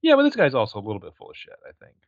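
Lively man on a dull, lo-fi mic. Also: mid-range voice, very fast, gravelly, dry recording. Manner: retells the plot while acting out the characters' lines. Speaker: podcast co-host. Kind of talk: casual chat recapping a TV episode.

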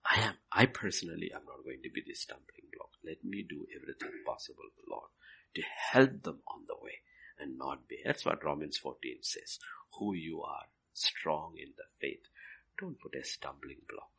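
A male pastor delivers a sermon in a gravelly, husky voice. His pitch leaps and dips with lively emphasis, and he drops from loud stressed lines to near whispers, repeating key phrases. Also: normal speed.

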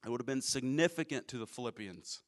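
A man preaches a conversational sermon fast, with a medium pitch and lively intonation. Casual and explanatory, he keeps checking in with his listeners and asking them questions.

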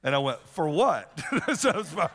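Animated man preaching in a reverberant hall. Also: a little high, quick pace, husky. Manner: animated, conversational, acts out quoted voices. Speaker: pastor. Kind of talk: sermon.

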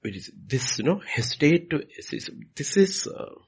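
Answering questions as a pastor, this man has a husky voice on the high side, very animated and at normal speed. He drives his points in with repetition and emphasis, dramatizing the questions he quotes during the Q&A teaching.

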